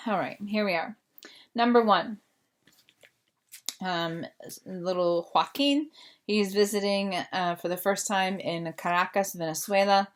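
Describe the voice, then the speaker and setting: A woman teacher explaining a grammar lesson to her students, patient and full of fillers. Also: lowish voice. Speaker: Spanish teacher. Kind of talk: recorded remote class lesson.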